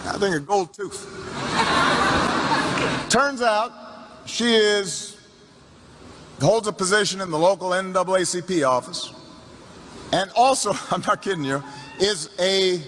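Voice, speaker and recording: A middle-aged man tells a story in a campaign speech, repeating phrases for emphasis and restarting sentences as he goes. His voice sits rather high for a man. It rings out with long reverb in a large hall, and noise runs underneath. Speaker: political speaker.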